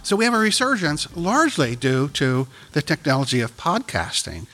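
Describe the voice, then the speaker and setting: A man's voice: on the high side, very animated, normal speed, bright, forceful tone. A man hosting a radio theater podcast, introducing his guests in an upbeat, conversational way. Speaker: podcast host. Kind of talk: podcast interview.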